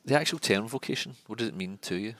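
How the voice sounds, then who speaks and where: A low-voiced man hosts a podcast interview, feeling his way into each question with pauses and fillers. The recording is dry and close. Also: expressive, a bit bright, no echo. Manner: hesitant, halting questions with fillers.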